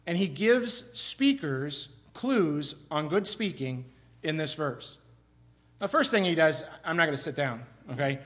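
A middle-aged man from Iowa preaching a sermon in a conversational, animated way, often restarting his sentences. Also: on the high side. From Iowa, USA. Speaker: pastor.

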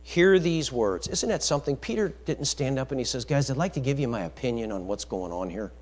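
A man preaching a sermon, emphatic, swinging between loud declarations and quiet low asides. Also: lively intonation, fast talker.

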